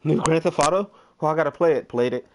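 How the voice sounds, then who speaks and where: A man's voice: fairly high pitch, quick pace. A man casually chatting while streaming a game, rambling and ranting with some swearing. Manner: rambling, swears, animated rants. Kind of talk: casual gaming chat.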